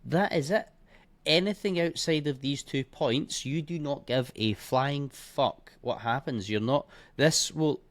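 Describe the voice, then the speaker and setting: A man walking through trading charts in a blunt, heavily profane and scornful way, punctuating points with bursts like boom and bish bash bosh. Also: measured pace. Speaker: trading educator. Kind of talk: live chart walkthrough.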